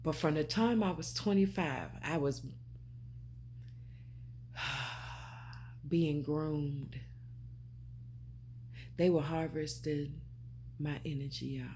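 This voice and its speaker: A woman's voice: deep voice, extremely slow, long pauses, darkish tone, slight background noise. A woman talking straight to her viewers, emphatic and preachy, repeating her points and calling them babe and honey. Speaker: spiritual vlogger. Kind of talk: direct-to-camera talk.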